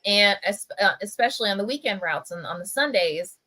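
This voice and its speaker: A woman's voice: medium pitch, lively intonation, brisk, sharp tone, rough recording. A middle-aged woman from New Jersey, a press editor, chatting casually on a livestream as she tells a childhood story, full of "like" and "right?". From Camden, New Jersey. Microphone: video call.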